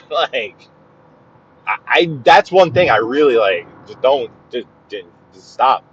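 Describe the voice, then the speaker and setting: A man's voice: mid-range voice, lively intonation, takes it slowly, a bit bright, muffled recording, a little hiss or hum. A man chatting casually to his live-stream viewers while driving, stumbling and repeating words as he talks. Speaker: live-streaming driver vlogger. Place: inside a car on the highway.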